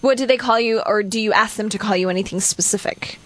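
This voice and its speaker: A woman's voice: mid-range voice, quick pace, a bit bright, no echo. A middle-aged woman co-hosting a radio talk show, chatting casually, laughing lightly and reading out listener texts. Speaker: radio co-host.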